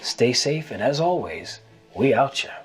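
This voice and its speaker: Husky man with a Gullah Geechee accent. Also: mid-range voice, sing-song, measured pace, soft background music. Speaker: language teacher. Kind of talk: scripted educational narration.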